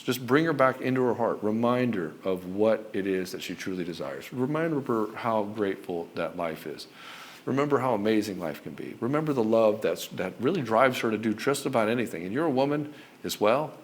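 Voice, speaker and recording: A middle-aged man speaks straight to his audience as a relationship coach, his voice sitting a little low. He is blunt and swears freely, and he often slips into acting out both sides of a conversation between a husband and wife. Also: lively intonation, moderate pace. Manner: blunt and profane, acts out both sides of dialogues. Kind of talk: direct-to-camera coaching monologue.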